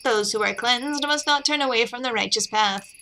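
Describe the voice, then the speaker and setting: A zealous male cult follower in a video game, read by a woman, preaching in a slow, solemn cadence. The voice stays bright and fairly high. It is steady and earnest. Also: slight background noise, poor audio.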